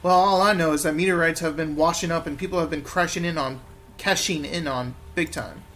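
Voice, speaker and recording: A man's voice: on the high side, a little fast, slight background noise, close to an everyday voice. A man doing a brash corrupt London copper. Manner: brash cockney slang, loud and scornful. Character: lazy corrupt male London policeman, cocky.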